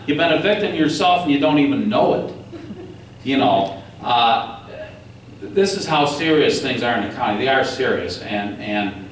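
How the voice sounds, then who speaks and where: In a very echoey room captured by a distant mic, with slight background noise, a man with a mid-range voice delivers a speech at a political forum. He's an animated storyteller who acts out the officials whose words he quotes.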